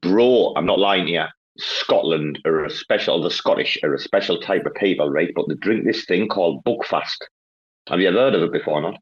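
A man from Northeast England with a Northeast English accent, telling loud, sweary stories in a casual chat. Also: deep voice, a little fast, breathy edge, lo-fi sound.

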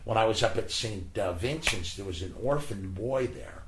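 A man who works in hospice, telling earnest, animated stories as an interview guest and acting out the voices he quotes. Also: on the low side, normal speed, background noise. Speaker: hospice worker and spiritual guide, interview guest. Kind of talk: conversational storytelling. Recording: echoey room with faint ambience.

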